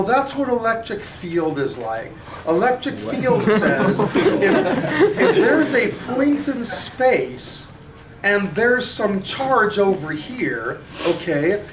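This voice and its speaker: A male high school physics teacher giving a lively, joking classroom lecture, recorded by a camera at the back of the room. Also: heavy background noise. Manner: animated, jokey, acts out customer voices. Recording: roomy classroom audio from a distance.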